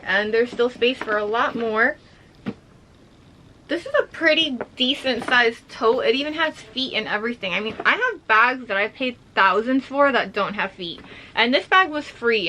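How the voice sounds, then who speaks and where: Young woman, vlogger, breathless, chatty, bright tone, slightly high voice. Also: a little hiss or hum, rough recording. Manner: excited, chatty, heavy use of "like". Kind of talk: casual unboxing vlog.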